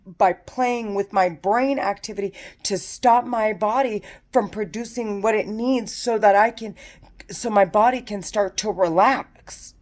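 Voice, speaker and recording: A woman's voice: medium pitch, normal speed, darkish tone. A distressed woman giving an angry, profane, repetitive monologue to camera, recorded at home in her condo. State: distressed and agitated. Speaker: vlogger.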